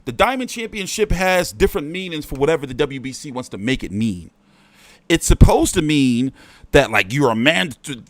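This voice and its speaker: A man's voice: big pitch swings, normal speed, fairly bright tone, dry recording. A man hosting a boxing livestream, ranting in heated, profane bursts. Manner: profane, heated ranting with swings in pitch and volume. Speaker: boxing show host. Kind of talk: livestream rant.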